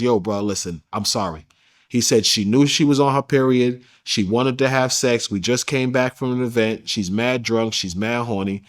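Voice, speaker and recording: A man as an interview guest, telling a personal story candidly in a casual, slangy and blunt way. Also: mid-range voice.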